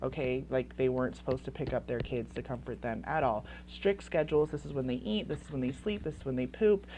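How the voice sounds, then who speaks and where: Against a noisy background, a woman in her thirties talks a little fast in an extremely low voice. A parenting coach speaking directly to camera, she's blunt and fired up, swearing and repeating phrases to drive home her points.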